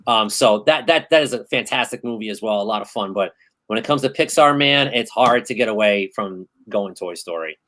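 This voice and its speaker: A man in his thirties hosting a casual podcast chat, telling stories in an animated, excitable way. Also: lowish voice, a little fast, rough recording. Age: 30s. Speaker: host.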